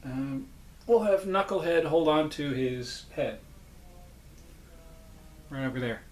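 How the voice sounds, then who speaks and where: A man's voice: a little high, lively intonation, takes it slowly, darkish tone. A man hosting a casual unboxing vlog as a puppet collector, enthusiastic and rambling, often correcting himself. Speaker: puppet collector, channel host.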